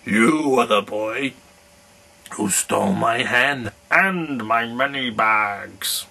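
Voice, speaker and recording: A man voicing a huge, menacing male giant who roars and bellows slowly. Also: steady tone, creaky, pushed and bright, exaggerated voice. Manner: slow booming bellow.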